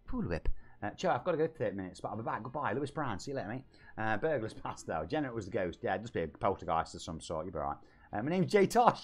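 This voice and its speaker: A man's voice: on the low side, sing-song, fairly quick. A man in his forties with a Nottingham accent, chatting on a live game stream, reading viewers' messages aloud, joking, laughing often and calling everyone mate. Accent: Nottingham English. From England. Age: 40s.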